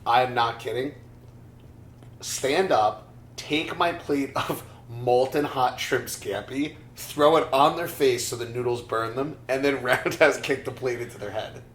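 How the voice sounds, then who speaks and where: A young adult man co-hosting a casual podcast, laid-back with dry, deadpan jokes. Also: mid-range voice, measured pace. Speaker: podcast co-host. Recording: roomy echo, faint noise.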